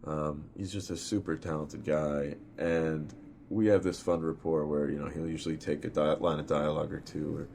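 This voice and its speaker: A film director talking in a casual interview, rambling and swearing freely, with lots of fillers. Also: male voice, a bass voice, little pitch movement, normal speed, gravelly, a little mellow, slight background noise. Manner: rambling and profane, full of fillers.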